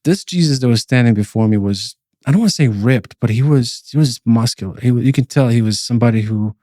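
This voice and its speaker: A man's voice: mid-range voice, quick pace, mellow, dry recording, clean studio sound. A man co-hosting a podcast, recounting a personal dream as a testimony in a rambling way, full of fillers and restarts. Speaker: podcast co-host.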